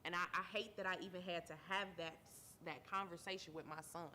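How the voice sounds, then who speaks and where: A woman's voice: on the low side, fairly even intonation, brisk, sharp tone, slight background noise. A tired mother hosting her own show, giving an earnest monologue that repeats phrases for emphasis and calls listeners baby. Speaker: show host. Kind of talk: heartfelt talk-show monologue.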